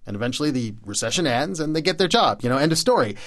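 A man's voice: on the high side, very animated, fast talker, a bit bright. A man co-hosting a radio show, narrating and bantering playfully with guests. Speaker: radio co-host.

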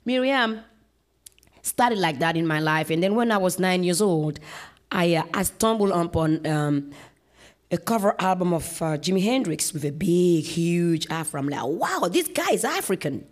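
A woman singer with a notably low voice shares her life stories in an interview. She tells them expressively and slips into the voices of her relatives as she goes. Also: moderate pace. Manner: expressive, acts out family members' voices. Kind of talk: personal storytelling in an interview.

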